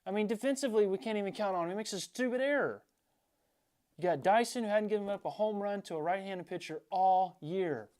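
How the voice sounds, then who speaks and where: Annoyed guy venting about sports, kinda high voice, fast and heated. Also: a little mellow. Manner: frustrated, ranting. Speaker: sports fan commentator. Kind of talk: ranting sports vlog.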